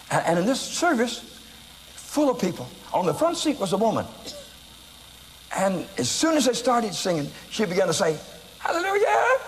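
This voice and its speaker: A man from the United States preaching, telling a story from the pulpit and swinging from quiet asides to loud acted shouts. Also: fairly high pitch, slight background noise, rough recording. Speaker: evangelist preacher. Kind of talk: sermon storytelling.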